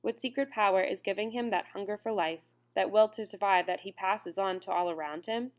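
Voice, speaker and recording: A woman's voice: mid-range voice, brisk. Woman reading a first-person audiobook. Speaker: audiobook narrator.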